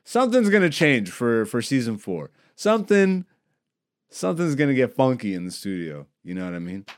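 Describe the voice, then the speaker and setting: A man's voice: medium pitch, very animated, moderate pace, no room sound. Chill guy hosting a podcast, rambly and jokey, dry studio mic sound. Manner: rambling, joking, laid-back. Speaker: podcast host. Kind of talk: casual podcast chat. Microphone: studio microphone.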